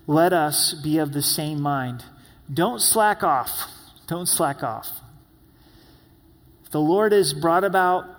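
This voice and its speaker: Slow-speaking pastor in a reverberant hall. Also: male voice, a little high. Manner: earnest, repeats key words for emphasis. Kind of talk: sermon.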